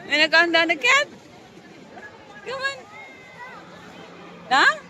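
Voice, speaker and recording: A woman's voice: extremely high pitch, big pitch swings, slow pace, crowd noise. A woman filming a casual family vlog, coaxing a small child and chatting with her husband, laughing often. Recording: crowded noisy public space.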